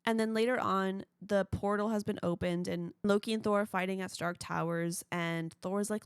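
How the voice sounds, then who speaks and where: Chatty young woman with vocal fry. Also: on the low side, steady tone, moderate pace, few pauses, no echo, clean studio sound. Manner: gushing, chatty fan enthusiasm. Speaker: podcast host. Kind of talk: casual solo podcast chat.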